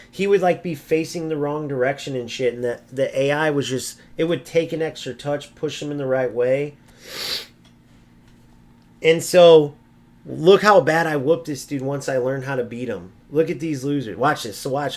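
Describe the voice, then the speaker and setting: A man's voice: on the high side, darkish tone. A man streaming a football video game, ranting and mocking opponents while he swears freely. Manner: brash, mocking, insults opponents and swears often. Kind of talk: gameplay commentary rant.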